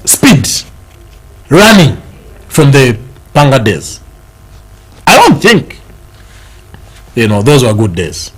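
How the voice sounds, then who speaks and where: A man's voice: medium pitch, slow, pauses often, husky, poor audio. A Zambian man with a Zambian English accent, hosting a morning TV show, chatting casually over the newspapers and dropping in local words and jokes. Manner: animated, mixes in local words, jokes and laughs often. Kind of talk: casual chat reviewing newspapers. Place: TV studio.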